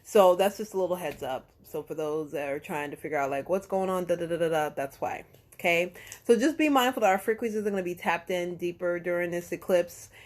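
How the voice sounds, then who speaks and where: A woman's voice: lowish voice, fairly quick. A woman talks casually as a tarot reader on a live stream. Her delivery is loose and slangy, with a curse here and there. She keeps checking in with "okay?" and "right?" and corrects herself as she goes.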